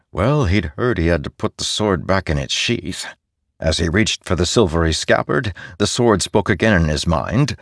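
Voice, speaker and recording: A man narrating a fantasy audiobook in an expressive storytelling way, close to a studio mic. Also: low-pitched, normal speed, dry recording.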